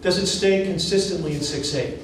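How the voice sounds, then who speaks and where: A male music professor teaching a class, asking students questions in an animated, encouraging way. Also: sits high, a little fast. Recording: echoey classroom from far off, faint hiss.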